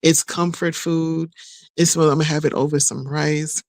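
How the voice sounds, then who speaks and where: A middle-aged woman talking straight to her viewers in a relaxed, rambling vlog, folksy and quick to laugh. Her voice is a bit hoarse, as if she is losing it. The sound is close and dry, with no room around it. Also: sits low, no room sound. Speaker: vlogger. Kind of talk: casual vlog chat.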